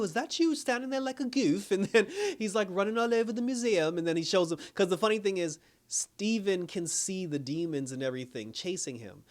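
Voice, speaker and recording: Brief: a man reviewer, quick casual delivery, lively storytelling with acted-out lines. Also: mid-range voice. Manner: animated retelling, acts out quotes, laughs often. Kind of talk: casual recap.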